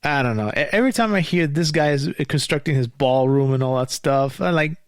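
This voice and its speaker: A man's voice: on the high side, fairly quick, clear, resonant tone, no echo, clean studio sound. A man hosting his own show, ranting angrily in a casual, profane monologue full of restarts and fillers. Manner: angry, profane, rambling with many restarts and fillers. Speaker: podcast host.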